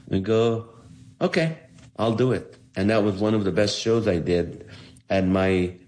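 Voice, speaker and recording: A middle-aged man from the Middle East, a comedian telling his story in an interview and acting out the voices he quotes. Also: low-pitched. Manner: animated, acts out quoted voices. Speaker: comedian guest.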